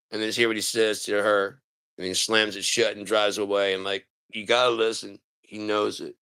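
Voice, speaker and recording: A deep-voiced man rants sarcastically on a livestream, his low voice rough with a gravelly fry. He mimics the people he mocks and now and then bursts into a shout. The sound is close and dry, with no room around it. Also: flat delivery, moderate pace, dry recording. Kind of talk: live-stream commentary rant.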